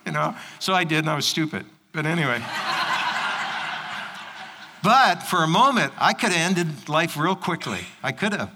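A man's voice: high voice, animated, moderate pace, bright, forceful tone, big-room sound, slight background noise. A man preaching a sermon to a congregation, mixing scripture with a storytelling anecdote and acting out the voices in it. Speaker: pastor.

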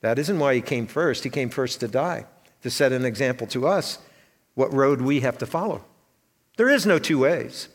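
A man's voice: medium pitch, lively intonation, moderate pace. A man preaching a sermon to his congregation, earnest and full of rhetorical questions. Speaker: pastor. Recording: long hall reverb.

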